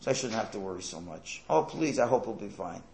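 A man's voice: lowish voice, lively intonation, a little fast, creaky, a little mellow, a little hiss or hum, rough recording. A man voicing a wailing, mock-pious middle-aged mother in a sing-song, pleading tone. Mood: mock consoling.

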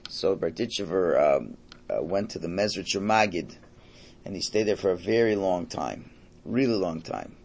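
Man, low gravelly voice, rabbi teaching a class, casual storytelling. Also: animated, moderate pace, a little mellow. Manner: storytelling, conversational, quotes characters. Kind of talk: Torah class with Hasidic stories.

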